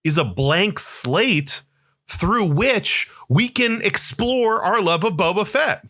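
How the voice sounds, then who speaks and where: A man's voice: high voice, animated, takes it slowly. A young man on a podcast, ranting angrily with constant swearing. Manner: angry, profane, shouting rant. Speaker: podcast co-host. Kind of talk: profane comedic rant.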